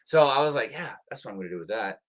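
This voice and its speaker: An American man co-hosts a livestream, chatting casually in a mid-range voice at a quick pace. He's relaxed and rambles, dropping lots of ums.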